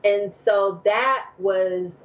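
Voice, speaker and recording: Woman guest from New Jersey, chatty storyteller with lots of fillers, mid pitch, slightly muffled audio. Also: drawn-out words. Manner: chatty, laughs often, many fillers. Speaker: podcast guest. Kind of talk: casual storytelling.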